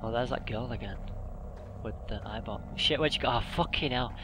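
A man's voice: mid-range voice, a little fast. A young man hosting a let's play, panicky and out of breath, swearing and jumpy as he plays. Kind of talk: casual gaming commentary. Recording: noisy home recording.

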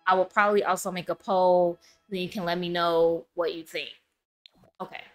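A woman hosting a casual let's-play, chatting to her game characters and viewers, her throat rough from allergies. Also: mid-range voice. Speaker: gaming channel host.

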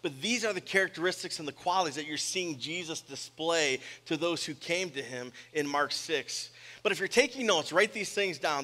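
A man delivers a sermon with a high, bright voice, pushing hard on key lines and dropping low and gentle for stories. The recording carries a long reverb from a large church hall. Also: normal speed. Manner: expressive, swings from loud emphasis to soft storytelling. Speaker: pastor.

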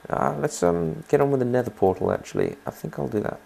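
A gaming channel host narrates his own let's play, rambling and chatty, often asking viewers what they think. His medium-pitched voice is fast with lively intonation, vocal fry, and a mellow tone.

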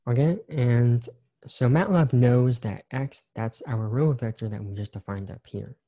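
A man's voice: medium pitch, unhurried, dark tone. A man teaching an engineering programming lesson, talking casually and walking through examples step by step with some repetition. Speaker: engineering instructor. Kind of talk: recorded screen-share lecture.

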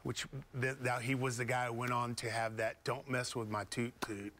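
A man's voice: mid-range voice, level tone, moderate pace, bright, forceful tone, a little hiss or hum. A man from Beaumont, Texas, a guest musician telling stories in a studio interview, rambling and easygoing with many fillers. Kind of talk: casual storytelling interview.

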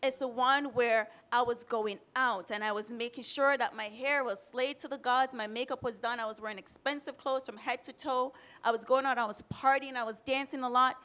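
Candid woman from Jamaica, high voice. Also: steady tone, normal speed, hardly any pauses, sharp tone. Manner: candid, emotional, close to tears at times. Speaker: panelist sharing personal story. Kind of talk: personal testimony on a panel.

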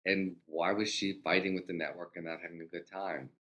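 Low-voiced older man telling showbiz stories. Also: a little fast. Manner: animated anecdotes, acts out quoted dialogue, swears freely. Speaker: guest, TV comedy writer. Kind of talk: casual storytelling interview.

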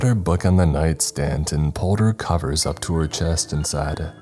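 A man narrates a scripted horror story in a deep, unhurried voice. His tone is mellow and dark, calm and measured, with faint music running underneath. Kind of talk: scripted first-person narration. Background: faint background music.

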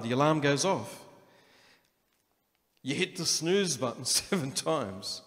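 Male pastor, animated sermon delivery, a touch high-pitched, recorded with long hall echo. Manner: animated preaching with acted-out inner voices. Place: church hall.

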